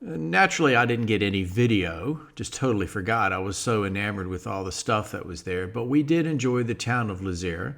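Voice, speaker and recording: A man narrating his home renovation vlog in a relaxed, chatty voice-over, with lots of filler words and light jokes. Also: on the low side, fairly quick, gravelly, few pauses.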